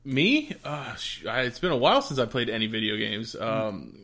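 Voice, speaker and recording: A man in a relaxed conversation who speaks at a middle pitch. He pauses often and restarts his sentences as he feels his way through his answers. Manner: hesitant, many fillers and restarts. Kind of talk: casual chat.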